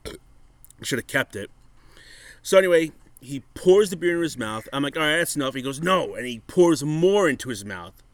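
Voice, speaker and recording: A man telling a bar story in casual chat, profane and animated, acting out what people said. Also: medium pitch, moderate pace, long pauses, no room sound.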